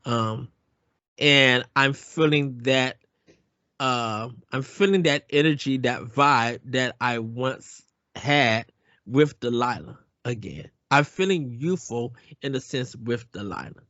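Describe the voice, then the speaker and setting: A man's voice: medium pitch, animated, pushed and bright, no echo, highs cut off. A man hosting a casual podcast discussion, often restarting his sentences and repeating words as he thinks aloud. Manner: halting, repeats words when starting thoughts. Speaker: podcast host.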